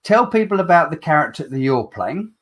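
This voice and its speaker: A man with a Black Country accent hosts a relaxed chat show. He speaks in a slightly high voice. He is chatty and self-deprecating, and he stumbles over words now and then. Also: brisk. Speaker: host. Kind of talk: casual chat.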